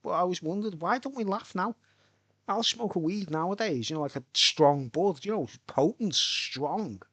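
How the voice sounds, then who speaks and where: A man's voice: high voice, expressive, moderate pace, fairly bright tone, husky, no room sound. Rambling Scouse man streaming with a beer. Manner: swearing, rambling, chatty, laughs a lot. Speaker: livestreamer. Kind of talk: rambling casual live-stream chat.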